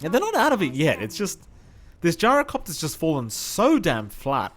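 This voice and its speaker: A man casting a pro video game match, calling fights excitedly and teasing his co-caster. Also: on the high side, normal speed. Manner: excitable calls, teasing banter. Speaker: esports caster. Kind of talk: esports commentary.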